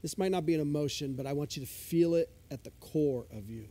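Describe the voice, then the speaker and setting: A man's voice: on the high side, a little fast, mellow. A male pastor preaching a sermon in a conversational, self-deprecating way, eagerly unpacking the original Greek words of scripture.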